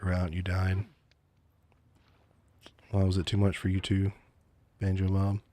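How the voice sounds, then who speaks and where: A man murmurs in a whispered role-play, right up against a close mic. His voice sits very low and dark, mellow rather than bright. He teases in a calm, mock-menacing way. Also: unhurried. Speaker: VTuber streamer.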